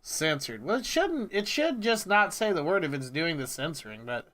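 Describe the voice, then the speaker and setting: A man's voice: fairly high pitch, big pitch swings, normal speed, a bit bright. A man livestreaming prank phone calls and chatting casually, joking and muttering to himself as he fixes his stream settings. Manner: jokey, mutters to himself while fiddling with settings.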